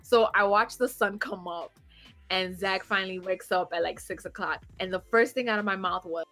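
A woman's voice: medium pitch, moderate pace, faint music behind. Swearing, laughing woman telling a story. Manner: animated, swearing, laughs through her story. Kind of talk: casual storytelling chat.

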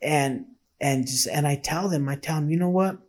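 A man's voice: on the high side, normal speed, a little mellow. A man telling his faith testimony in a casual, earnest and emotional way, acting out the dialogue he quotes.

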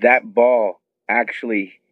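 A man in his thirties excitedly telling a story as a guest, acting out what others said. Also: slow pace, dry recording. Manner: excited, acts out quotes with high squeals. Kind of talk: animated storytelling. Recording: tinny phone-line sound.

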